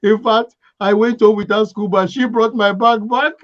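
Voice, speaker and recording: Man from Africa telling animated stories. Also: high voice, normal speed. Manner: animated storyteller, laughs and acts out scenes. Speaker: podcast guest, entrepreneur. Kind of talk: casual storytelling interview. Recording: dull lo-fi sound.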